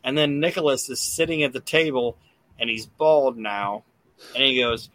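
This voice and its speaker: A man's voice: mid-range voice, moderate pace, a bit bright, no room sound. A man hosting a casual podcast, rambling through a recap with plenty of cursing and fillers. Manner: rambling and profane, lots of fillers. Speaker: podcast host. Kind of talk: casual podcast chat recapping wrestling shows.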